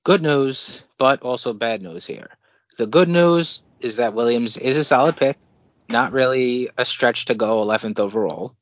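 A man co-hosting a casual sports podcast, relaxed, reading out draft news with his own asides. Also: medium pitch, normal speed, dry recording, muffled recording. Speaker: podcast co-host.

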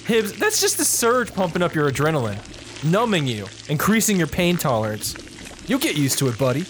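A man's voice: on the high side, huge pitch swings, fairly quick, a bit bright, slight background noise. A man riffing comedically in a wry, teasing way. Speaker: comedy riff performer. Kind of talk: improvised comedic riffing over a show. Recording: music playing underneath.

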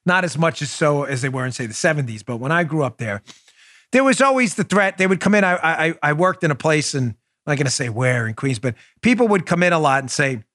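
A man from New York, with a slightly high voice, hosts a political show in an animated, sarcastic, combative manner. The sound is dry and close-miked, with no room echo. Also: fast. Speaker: political podcast host. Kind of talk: opinionated talk show monologue.

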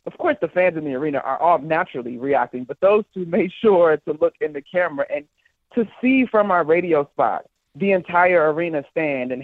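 A woman basketball broadcaster calling in as a guest, telling stories with lively enthusiasm. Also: low-pitched, no echo. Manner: animated, enthusiastic storyteller. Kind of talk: casual sports talk on a call. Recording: tinny phone line.

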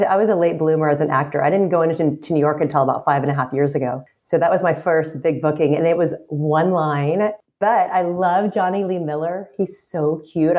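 A woman who acts sits in as a guest for a casual chat. She is chatty and laughs often, and her voice sits on the low side. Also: a little mellow. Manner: chatty and laughing, rambling with restarts. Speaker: guest actor.

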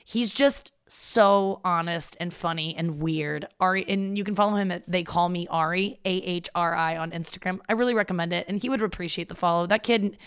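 Woman in her thirties, podcast host, casual confessional monologue, smooth clear voice, lowish pitch. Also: a little fast, few pauses, a bit bright. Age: 30s. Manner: candid, rambling, self-deprecating, swears freely.

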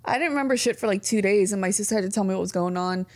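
A woman co-hosting a podcast, telling stories in a profane, animated way. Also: mid-range voice, very fast. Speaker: podcast co-host. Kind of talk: casual chat.

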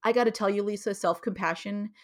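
A middle-aged woman speaking as a guest author in a casual interview. She talks expressively and emphatically, and she acts out her own reactions in quoted asides. Her voice sits at an ordinary middle pitch. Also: steady tone, quick pace.

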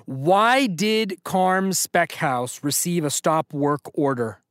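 Man quizmaster, playful hype-man banter, fairly high voice, dry close mic. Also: animated, slow, few pauses, fairly bright tone, no echo. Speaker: podcast host and quizmaster. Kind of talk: casual trivia quiz hosting.

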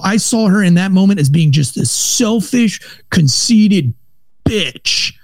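A man in his thirties, a former police officer, telling a profane, animated story in casual podcast chat. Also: high voice, no room sound.

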